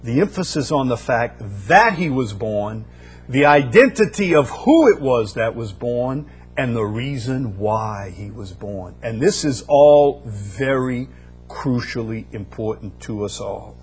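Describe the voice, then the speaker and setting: A man's voice: mid-range voice, lively intonation, a little slow, breathy edge, soft background music. A man preaching a sermon, building emphasis through repeated phrases and rising bursts. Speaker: pastor.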